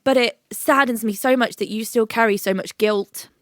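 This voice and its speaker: A woman's voice: fairly high pitch, moderate pace, dry recording, studio quality. A young woman on a podcast, reassuring and protective toward her best friend, emotional and sweary. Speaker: podcast co-host. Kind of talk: emotional supportive chat.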